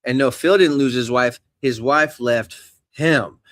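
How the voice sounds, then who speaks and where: A man's voice: mid-range voice, a little slow, fairly bright tone, no echo. Man, casual profane chat, joking, acts out quotes, mid voice, dry sound.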